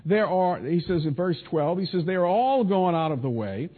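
A man preaches a sermon emphatically, posing rhetorical questions and answering objections he imagines. His voice sits high and expressive at a normal speed, and the audio sounds tinny, like a phone.

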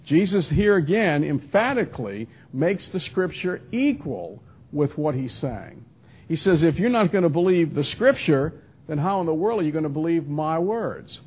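A man's voice: fairly high pitch, expressive, normal speed, breathy edge. A man teaching verse by verse through a Bible passage in a conversational manner with frequent restarts and asides, heard as a radio broadcast. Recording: tinny phone-line radio broadcast.

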